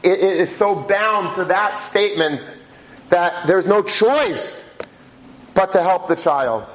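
Halting male preacher telling a story. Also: high voice, lively intonation, fairly bright tone, low-quality recording. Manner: halting, with frequent restarts. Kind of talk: sermon storytelling.

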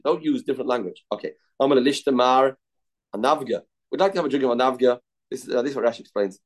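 Guy teaching talmud, acts out the back and forth, mid pitch, tosses in aramaic words. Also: rough recording. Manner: animated, voices the rabbis' dialogue, mixes Aramaic terms into English. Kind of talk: daf yomi lesson, retelling a Talmud story.

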